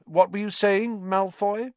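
A steady, level-headed teenage boy hero, as a man reading aloud puts him on, speaking calmly and plainly in a raised pitch. The voice is close and dry, like a storybook reading. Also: measured pace, dry recording.

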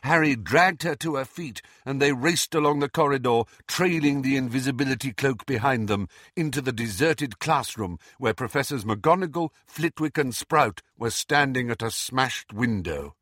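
A man narrating an audiobook in an expressive, dramatic reading. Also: medium pitch, normal speed, few pauses, no room sound, studio quality. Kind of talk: scripted narration.

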